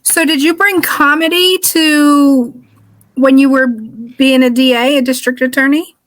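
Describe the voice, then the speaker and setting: A woman interviewer hosting a casual talk, asking relaxed, friendly questions and laughing along. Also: high voice, a little slow, rough recording. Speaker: interviewer, host.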